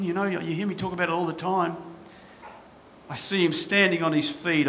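A male pastor delivers a sermon with a bright, forceful voice pitched a little high. He preaches with passion, often asking the congregation questions. A faint hiss of noise sits behind him. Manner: impassioned, rhetorical questions to the congregation.

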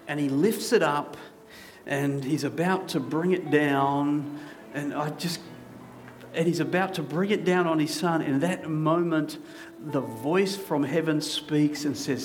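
Storytelling pastor, slightly high voice. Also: male voice, slight background noise. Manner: vivid storytelling with dramatic pauses. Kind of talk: sermon. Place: church hall.

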